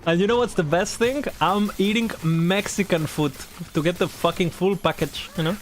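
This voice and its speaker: A man's voice: high voice, normal speed, a little hiss or hum. A young man chatting casually while streaming a game, rambling, swearing and laughing often.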